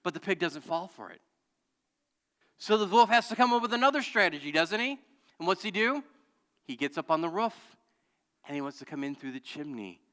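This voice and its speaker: A man's voice: high-pitched, animated, a little fast, long pauses, fairly bright tone, big-room sound. A man preaching a sermon as pastor, telling a story and calling out to the congregation for answers. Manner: storytelling with audience call-and-response. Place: church sanctuary.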